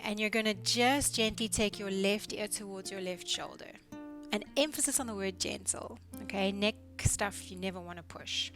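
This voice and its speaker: A woman leads a neck mobility session as a physiotherapist, speaking at an ordinary middle pitch. She cues each movement calmly and gently, with encouragement along the way. Faint guitar music plays quietly behind her. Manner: calm, encouraging step-by-step cueing. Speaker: physiotherapist instructor. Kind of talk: guided exercise instruction.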